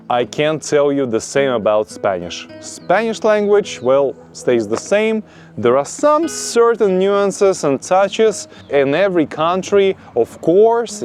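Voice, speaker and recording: Enthusiastic man vlogging with soft guitar music. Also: mid-range voice. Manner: enthusiastic, emphatic, with rhetorical questions. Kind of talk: casual vlog monologue.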